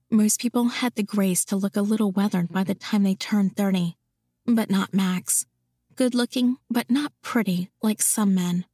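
A woman's voice: mid-range voice, dark tone, no room sound, clean studio sound. Woman narrating a romance audiobook. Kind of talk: scripted narration of a romance novel.

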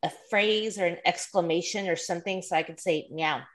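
A woman's voice: fairly low pitch, fairly even intonation, fairly quick. A woman hosting a casual podcast chat, giggling often as she leads a word game. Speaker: podcast host.

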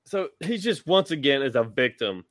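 A man's voice: mid-range voice, sing-song, moderate pace, no echo. A man co-hosting a casual podcast chat, talking in a sarcastic, mocking way. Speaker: podcast co-host.

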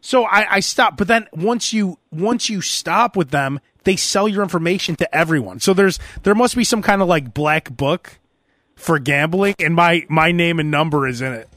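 A man hosting a podcast, chatting casually and telling animated stories in which he acts out phone calls and sometimes bursts into shouting. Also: a little high, normal speed, no room sound, studio quality. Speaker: podcast host. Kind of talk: casual chat.

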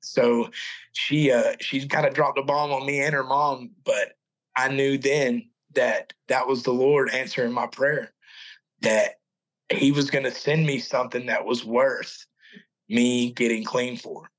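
A man in his forties shares his personal faith testimony as a guest on a podcast, speaking earnestly and haltingly as he breaks off and restarts his sentences. His voice is at an ordinary middle pitch with fairly even intonation, and the audio is poor.

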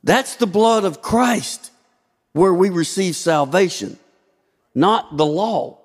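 A man's voice: high voice, animated, takes it slowly. A man preaching a sermon as pastor, asking rhetorical questions and shifting his emphasis often. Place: church sanctuary. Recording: long hall reverb.

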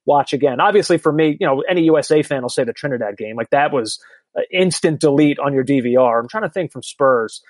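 Man, podcast co-host, casual chat, easygoing, slightly high voice, dry close recording. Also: lively intonation, fast, dry recording.

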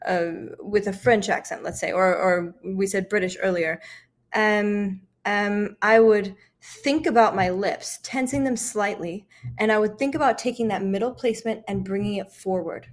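A woman's voice: medium pitch, moderate pace. A woman with an American accent coaching accents, encouraging and full of fillers like "um". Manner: encouraging, many fillers, laughs often. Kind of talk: coaching lesson conversation.

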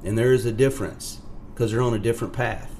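A man's voice: mid-range voice, fast, a little mellow, slight background noise. A man, a podcast guest, speaking earnestly in casual chat.

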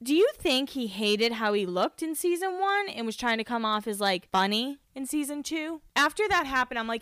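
A woman's voice: fairly high pitch, lively intonation, fairly quick, few pauses, fairly bright tone, smooth, dry recording, clean studio sound. A young woman hosting a podcast, chatting casually and gossiping about a reality show with frequent laughs. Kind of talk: casual chat.

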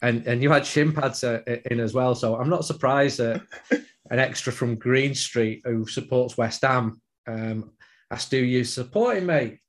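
This regular on a football podcast has a mid-range, steady voice and takes his time. His casual chat is self-deprecating, and he tends to repeat words when beginning a thought.

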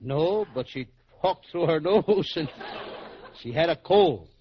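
A man's voice: on the high side, animated, takes it slowly, slight background noise. A man playing the childlike, giggly wisecracking comic in a 1940s radio comedy duo, on a dull old broadcast recording.

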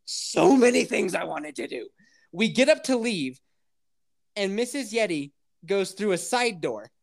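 A man in his thirties tells a long story in casual podcast chat. His pitch moves all over the place, and his talk is profane and full of laughter. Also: unhurried, vocal fry. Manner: profane, animated, laughs often.

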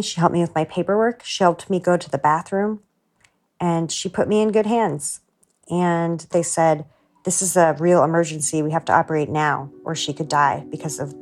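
A woman earnestly retelling a personal story, dropping to a hush for her inner thoughts. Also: low-pitched. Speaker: story contributor.

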